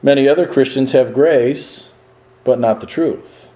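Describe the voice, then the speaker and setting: A man's voice: measured pace, mellow. Earnest preacher man, echoey room. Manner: earnest, emphatic, shifting pitch and pace for stress. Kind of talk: sermon.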